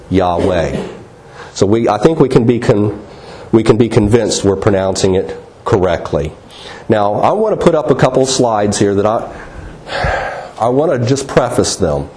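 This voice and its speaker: A man giving a slide-based Bible teaching talk, earnest, with restarts and slow, drawn-out emphasis on key words. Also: lowish voice, warm tone, roomy sound, rough recording.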